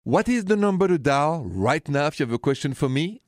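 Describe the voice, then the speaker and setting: A man's voice: a little high, animated, fairly quick, few pauses, a little mellow, dry recording, studio quality. A middle-aged man from France with a thick French accent, hosting a radio call-in advice show in a chatty, friendly way. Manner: friendly, chatty, self-deprecating about his accent.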